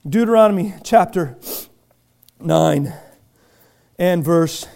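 High-voiced pastor preaching a fiery sermon. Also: male voice, slow pace, creaky. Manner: impassioned, repeatedly shouting; stammering restarts, self-deprecating humor. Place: church, before a congregation.

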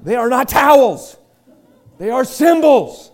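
A middle-aged male pastor preaching a sermon, chatty and joking, swinging from quiet asides to loud shouted bursts. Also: very high voice, sing-song, slow pace. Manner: chatty, joking storyteller with many restarts.

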